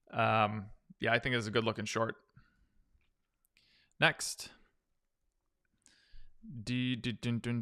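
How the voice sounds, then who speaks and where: A man's voice: medium pitch, a bit bright, smooth. A man hosting a live stock-trading stream, chatting loosely through viewer questions and often restarting his sentences. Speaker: stock trading livestream host. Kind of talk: casual live-stream chart analysis.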